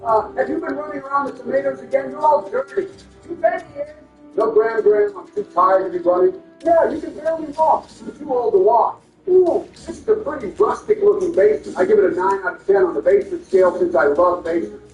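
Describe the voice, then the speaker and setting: A man commentating on gameplay for laughs trades crude insults through bickering impressions, his very high voice lively in intonation and a little fast. The sound is roomy, distant and muffled, with music underneath.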